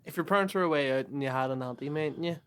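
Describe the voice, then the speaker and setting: A man's voice: fairly high pitch, rapid-fire, fairly bright tone, slight background noise. A man co-hosting a podcast, telling laid-back anecdotes with casual swearing. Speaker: podcast co-host. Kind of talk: casual comedic chat.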